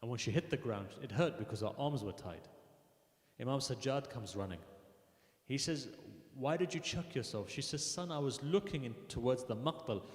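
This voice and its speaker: A man's voice: medium pitch, normal speed. Man preaching in an echoey mosque hall. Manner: storytelling, voicing quoted figures with rising intensity. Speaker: speaker at a mosque gathering. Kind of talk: emotional sermon narration. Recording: echoey hall with long reverb.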